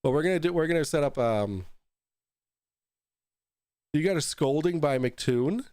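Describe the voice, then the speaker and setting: A male host launches into a profane, mocking rant, a little tipsy from the shots he keeps taking. His pitch sits a touch high and leaps about animatedly. The sound is dry and close, with no room around it. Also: animated, measured pace, a little mellow, no echo. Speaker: talk show host. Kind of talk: ranting commentary.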